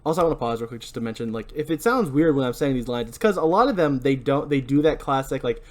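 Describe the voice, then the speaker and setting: A man's voice: mid-range voice, expressive, fast talker, darkish tone. A man hosting a podcast, chatting casually and rambling about a movie. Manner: chatty, rambling, self-interrupting with laughs. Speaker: podcast host. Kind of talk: casual movie review chat.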